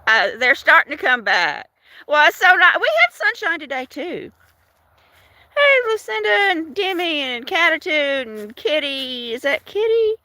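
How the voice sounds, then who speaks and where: Lively high-voiced woman streaming outdoors. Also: unhurried, no room sound. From Washington state. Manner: chatty, greets viewers by name, laughs often. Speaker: live streamer. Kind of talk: casual live-stream chat. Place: outdoors in a storm-damaged yard.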